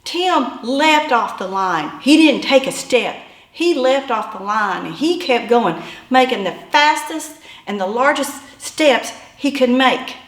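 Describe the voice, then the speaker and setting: A woman telling a personal story in an animated way, building to yelps and shouts. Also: on the high side, measured pace, reverberant.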